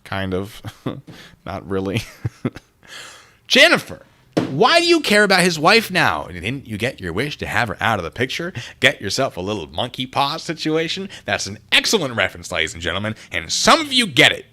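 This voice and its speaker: A man's voice: lowish voice, moderate pace. A man giving sarcastic live-stream commentary at a desk microphone, with joking asides, and stopping to read chat and thank viewers for donations. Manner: sarcastic, animated, laughing asides; reads donations and chat aloud.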